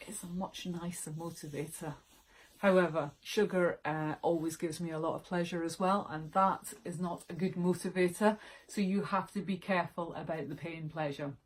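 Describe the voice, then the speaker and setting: A woman's voice: low voice, poor audio. A woman giving a casual, reflective self-development vlog talk, full of fillers and restarts. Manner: conversational, many fillers and restarts.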